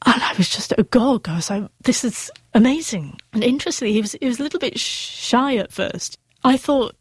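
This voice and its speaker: A woman's voice: on the high side, brisk, husky, dry recording. A middle-aged woman who stutters, telling her personal story candidly as an interview guest. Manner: stutters with sound repetitions, candid and earnest.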